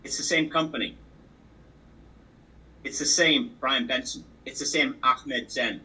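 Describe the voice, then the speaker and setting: A man's voice: mid-range voice, a little slow, pushed and bright, far from the mic, low-quality recording. A man giving a motivational training talk on a call, emphatic and repetitive, driving his points home with sports analogies. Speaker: business opportunity trainer. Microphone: call audio.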